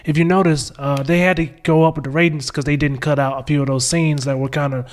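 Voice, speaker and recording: Calm man with a fairly high voice. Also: fast talker. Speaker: podcast co-host. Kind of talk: casual chat.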